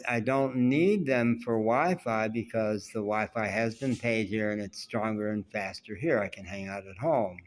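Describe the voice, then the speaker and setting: A man with a somewhat low voice talks straight to his viewers in a loose, rambling vlog. He tells stories from his day candidly and reflects on them as he goes. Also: a little hiss or hum. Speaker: vlogger. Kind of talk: casual personal storytelling.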